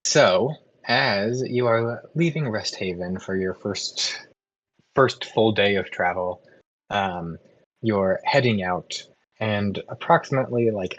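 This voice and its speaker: A man narrating as game master, halting with frequent ums and restarts. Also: low-pitched, fairly bright tone, low-quality recording.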